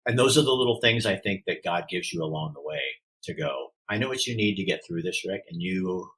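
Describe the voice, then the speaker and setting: A man's voice: sits low, lively intonation, a little fast, a bit bright, breathy edge, poor audio. A middle-aged man telling a personal story as a podcast guest. He speaks from the heart and often halts and restarts his sentences.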